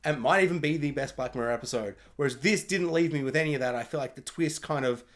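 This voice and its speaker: A man's voice: a little high, fast talker. A man giving a casual spoiler film review, rambling with lots of "like" and firing off questions.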